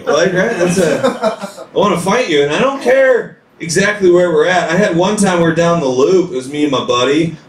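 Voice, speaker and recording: Rambling stand-up comic man, roomy and distant. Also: on the high side. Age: late 20s. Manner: loose, rambling storytelling with crowd work. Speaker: stand-up comedian. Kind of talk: stand-up comedy set. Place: basement comedy room with live audience. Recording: roomy live recording from a distance.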